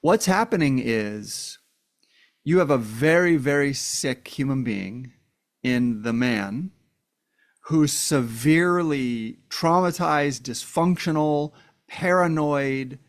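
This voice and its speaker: Blunt man telling a hypothetical story. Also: medium pitch. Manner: acts out quoted voices of an angry abuser and a victim in heated tones; blunt, swears, many "like" fillers. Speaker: commentator. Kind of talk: casual spoken commentary.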